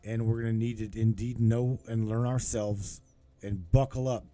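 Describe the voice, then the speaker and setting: A man hosting a call-in show and chatting casually with a caller, talking emphatically, swearing freely, and swinging between low murmurs and excited bursts. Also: normal speed, soft background music. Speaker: host.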